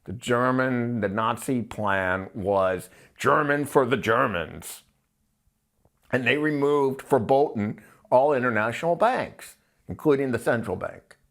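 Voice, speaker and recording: A man in casual podcast talk, rambling and blunt, his voice climbing high when he gets worked up. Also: measured pace, a bit bright. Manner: crude, blunt wording.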